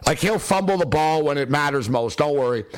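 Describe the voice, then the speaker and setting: A man with a high voice vents about football in a sarcastic, exasperated monologue. He talks bluntly and casually, like a fan commentator on his own show. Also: animated, brisk. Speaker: sports commentator. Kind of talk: opinionated sports rant.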